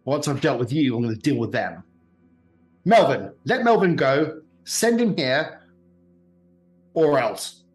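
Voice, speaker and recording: A man voicing a raging, unhinged female villain who rants and stammers, swinging between fury and quiet menace. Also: medium pitch, sing-song, measured pace, pauses often. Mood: threatening.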